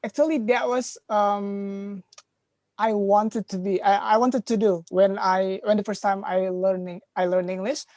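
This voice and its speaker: A woman's voice: mid-range voice, fairly even intonation, measured pace, warm tone, dry recording. Woman, hesitant and dry-sounding. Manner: hesitant, lots of fillers, giggly. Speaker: class host. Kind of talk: casual online class chat.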